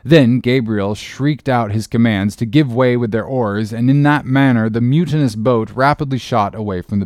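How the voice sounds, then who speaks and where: Here a man with a fairly low voice reads a classic novel aloud as an audiobook narrator. His storytelling is measured and expressive, captured in a dry, clean studio recording.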